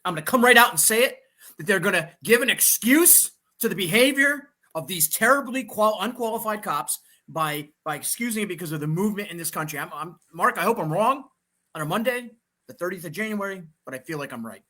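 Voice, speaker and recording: A man's voice: high-pitched, expressive, brisk, sharp tone. A man hosting a political talk show, fired up and emphatic, repeating phrases and restarting his sentences. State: fired up on coffee.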